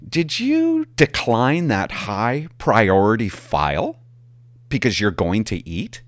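A man's voice: lowish voice, wildly swooping pitch, slow pace, no room sound, heavily acted. A man voicing a curt female police dispatcher in a raised, clipped tone. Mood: officious.

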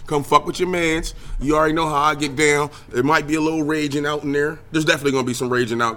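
A young man hosting his own podcast, ranting casually and profanely about video games and the news, with lots of fillers. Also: medium pitch. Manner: profane, animated, trailing filler words. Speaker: podcast host and streamer. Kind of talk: casual solo podcast rant.

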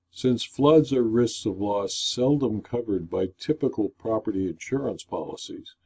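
Slow, mellow-voiced man lecturing formally. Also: lowish voice. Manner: measured, formal, deliberate delivery. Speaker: insurance claims consultant. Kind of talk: scripted explanatory lecture.

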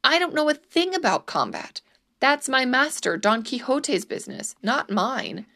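A woman's voice: high voice, sing-song, measured pace, pushed and bright, pitched above the performer's own voice, full character voice. A woman voicing a frightened, reluctant middle-aged peasant man made governor, pleading and protesting.

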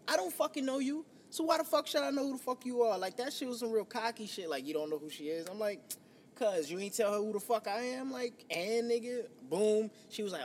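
A man in his thirties from New York, hosting a casual podcast and telling a profane, animated story. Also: very high-pitched, long reverb tail, slight background noise. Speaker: podcast host.

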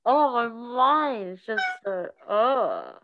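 A woman's voice: a little high, big pitch swings, slow. A young woman from South London, co-hosting a podcast. She keeps interrupting herself and giggling. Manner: scatterbrained, self-interrupting, giggly. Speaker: podcast co-host. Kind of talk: casual chat. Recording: dull lo-fi recording.

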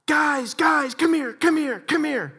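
Man doing an overjoyed male golfer, yelling high and loud to his buddies. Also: unhurried, heavily acted. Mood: excited. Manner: excited, high-pitched calling out. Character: overjoyed grown male golfer shouting to friends.

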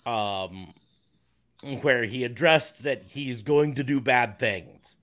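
An opinionated man co-hosting a casual podcast, arguing his points about wrestling storylines. He talks at an ordinary pitch, in a relaxed, conversational way. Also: slow pace. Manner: opinionated, argumentative. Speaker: podcast co-host.

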